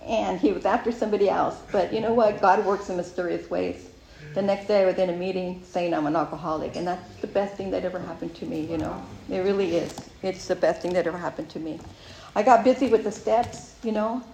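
A woman giving a personal recovery testimony, telling her story in a lively way and acting out her past thoughts. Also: on the low side, fairly quick, vocal fry. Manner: animated storyteller who acts out her own past thoughts. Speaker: speaker sharing a recovery story. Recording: roomy sound with faint ambience.

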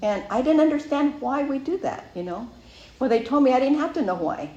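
A woman giving a personal recovery testimony, telling her story in a lively way and acting out her past thoughts. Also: high voice, a little fast, dull audio. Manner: animated storyteller who acts out her own past thoughts. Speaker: speaker sharing a recovery story. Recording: roomy sound with faint ambience.

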